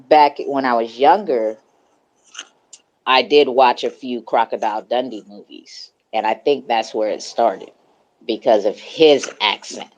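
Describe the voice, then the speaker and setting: A woman with a notably deep, low voice hosts a casual online group chat. She talks in a laid-back, slangy, rambling way, full of fillers and quick laughs. Her voice comes through a phone mic. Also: darkish tone, muffled recording. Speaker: host of a social audio chat room.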